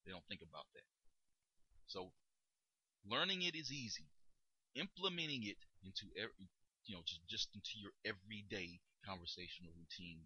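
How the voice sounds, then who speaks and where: Male podcast host, husky and very bright tone, dry close sound, emphatic coaching delivery. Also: low-pitched, expressive, normal speed, pauses often, no room sound, poor audio. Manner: coaching, emphatic, demonstrates tones. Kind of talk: instructional podcast monologue.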